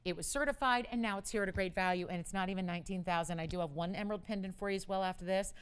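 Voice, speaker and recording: A woman hosting a live jewelry shopping broadcast, chatty and upbeat, talking straight to the viewers as she makes her sales pitch. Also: racing, clear, resonant tone. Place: television studio.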